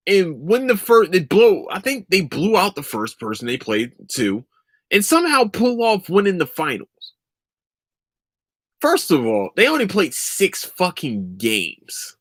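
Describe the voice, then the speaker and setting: Young man, podcast host, profane sports rant, sarcastic, animated pitch, dry close sound. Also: slow pace, no room sound. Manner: profane, ranting, heated and sarcastic.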